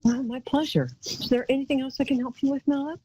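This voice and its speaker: A woman's voice: high-pitched, steady tone, fast talker, dark tone, slightly rough, rough recording. A woman hosting a live call-in psychic show, talking in a chatty, rambling way and calling callers darling.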